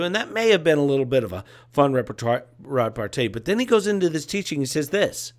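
A man's voice: a little high, very animated, fast, few pauses. A man preaching a sermon as a pastor, with a repetitive, emphatic cadence and casual asides.

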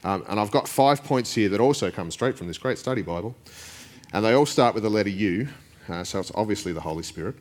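A man's voice: lowish voice, animated, fast talker. A male pastor preaching a sermon in a casual, joking way, often chuckling.

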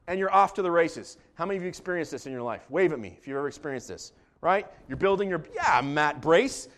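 A man preaching a sermon as pastor, joking and animated, moving between calm asides and loud bursts. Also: on the high side, fairly quick.

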